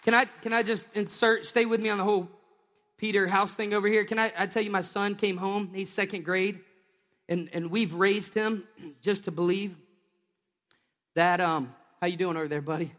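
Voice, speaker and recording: A man preaching a lively sermon from a church stage, joking with volunteers between points. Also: high voice, moderate pace, long reverb tail. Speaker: pastor.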